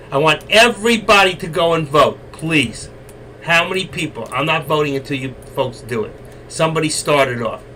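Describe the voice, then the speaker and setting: A man hosting a live trading stream, coaxing and teasing his viewers and now and then breaking into loud shouts. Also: a little high. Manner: coaxing, teasing and exasperated with the chat. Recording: distant mic, faint room noise.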